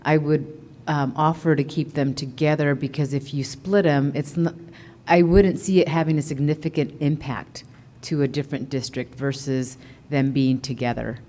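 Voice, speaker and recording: A woman's voice: deep voice, steady tone, moderate pace, mellow. A woman commissioner giving a brief, plain-spoken opinion in a public meeting over a video call.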